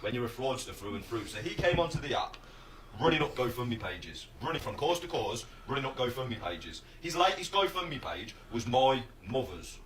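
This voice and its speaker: A man's voice: medium pitch, big pitch swings, normal speed, a bit bright. A man ranting in a phone video, aggrieved and accusing someone. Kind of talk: phone video call-out rant. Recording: distant phone video with faint noise.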